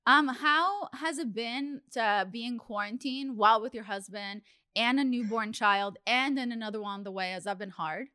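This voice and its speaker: Young woman, podcast host, fairly high bright voice, chatty, affirming, dry close sound. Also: moderate pace, clean tone, dry recording. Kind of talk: casual chat.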